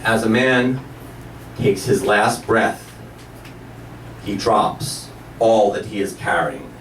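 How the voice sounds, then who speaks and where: A man imitating a solemn, soft-spoken male spiritual author, speaking slowly and meditatively in a lowered voice. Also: recorded from a distance, slight background noise. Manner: slow, hushed, meditative. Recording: roomy live cafe, mic from afar.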